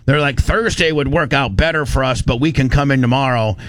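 A man hosting a radio talk show, telling a story in an animated, ranting way with frequent restarts. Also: medium pitch, fairly quick, dry recording.

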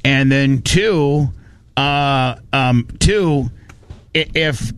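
A man hosting a talk radio show, telling a story in a lively, ranting way and swearing now and then, recorded in a studio. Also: mid-range voice, slow pace. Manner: animated storytelling, ranting, profane. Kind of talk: casual studio chat.

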